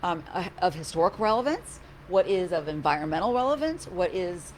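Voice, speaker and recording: A woman, a county commissioner, chatting casually in her office hours, animated, a little sarcastic, often restarting her sentences. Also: lowish voice, fairly quick, a little hiss or hum. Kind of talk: casual chat.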